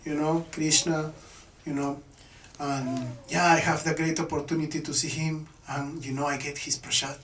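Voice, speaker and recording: A man's voice: on the high side, level tone, moderate pace, fairly bright tone, roomy sound, recorded from a distance, slight background noise, natural voice, rough recording. A man voicing a cheerful wandering sage who talks in an eager, matter-of-fact way.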